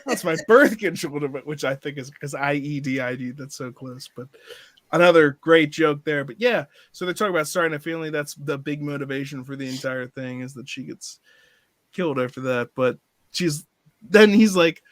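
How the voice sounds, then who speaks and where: A man's voice: a little high, moderate pace, no room sound. Joking man reviewing movies. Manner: joking, quotes movie lines in put-on voices, laughs often. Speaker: podcast co-host. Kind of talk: casual movie review chat.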